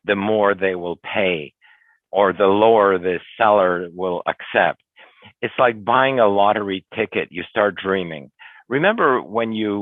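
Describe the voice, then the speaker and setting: A man's voice: lowish voice, no echo. An older man giving an earnest webinar talk as a real estate sales coach, lecturing and often acting out what clients and agents say. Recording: tinny phone-like dry webinar audio.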